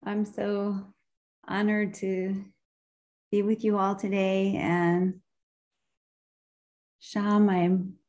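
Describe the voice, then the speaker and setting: Woman sharing a halting, heartfelt memory. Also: medium pitch, flat delivery, darkish tone. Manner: halting, searching for words. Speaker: speaker at a memorial gathering. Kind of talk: heartfelt personal remembrance.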